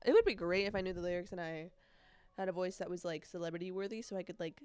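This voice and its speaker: A woman's voice: on the low side, fairly even intonation, fast, darkish tone, smooth, no room sound. A young woman hosting her own casual podcast, rambling chattily and breaking into snatches of song. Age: young adult. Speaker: podcast host. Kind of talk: casual solo podcast chat. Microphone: earbuds.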